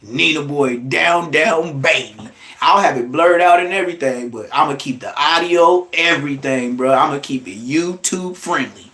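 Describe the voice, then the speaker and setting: A man hosting a livestream, giving blunt, profane, trash-talking commentary in an excitable way. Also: fairly high pitch, moderate pace. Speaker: livestream host.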